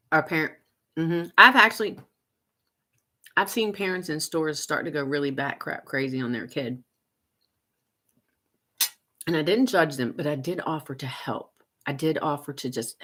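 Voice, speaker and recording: Lady in her 50s just hanging out on a livestream, lowish voice, chatty, laughs a lot, reads comments out loud. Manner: chatty and animated, laughs often, big swings up in pitch when teasing viewers. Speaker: homesteading livestream host. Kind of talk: casual livestream chat, reading viewer comments.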